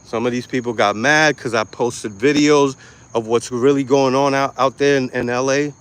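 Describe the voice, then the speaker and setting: Speaking at normal speed in a mid-pitched, clean-toned voice with fairly even intonation, a young man from New York City delivers a ranting commentary to the camera. He's an online commentator whose talk is blunt, aggressive, and thick with street slang and profanity.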